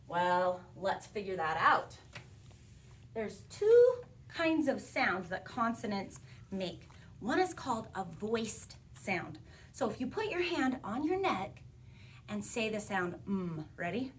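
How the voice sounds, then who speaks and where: A woman telling a playful phonics story and lesson to young children in an animated, sing-song teacher voice. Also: on the high side, recorded from a distance. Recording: roomy sound from a bit off the mic, faint background hiss.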